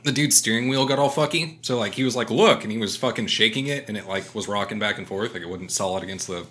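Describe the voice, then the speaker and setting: A man chatting casually on a podcast, telling a story with lots of swearing and loud acted-out quotes. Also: fairly low pitch, fast talker. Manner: animated storyteller, swears freely, acts out quotes loudly. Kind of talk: casual chat.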